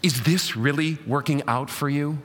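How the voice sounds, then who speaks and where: A man's voice: fairly high pitch, moderate pace, a bit bright, long reverb tail, a little hiss or hum, voice pushed down, lightly acted. A man voicing an exasperated mother pleading with and scolding her grown children, dramatic and coaxing.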